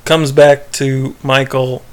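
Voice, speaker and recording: A man's voice: medium pitch, little pitch movement, slow pace, a little mellow. A man co-hosting a podcast, chatting casually as he recaps a TV episode, rambling, laughing and acting out quoted lines. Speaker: podcast co-host.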